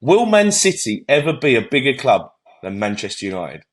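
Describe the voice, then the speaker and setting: A man's voice: mid-range voice, very animated, moderate pace. Ranting football pundit man. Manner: ranting, loud and exasperated. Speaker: podcast co-host. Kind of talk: heated football debate.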